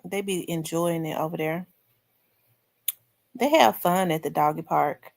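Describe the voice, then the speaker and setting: A middle-aged woman hosting a livestream, chatting casually with her viewers and telling animated, laughing stories. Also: sits low, measured pace, gravelly. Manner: animated, laughing, storytelling to the audience. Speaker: livestream host.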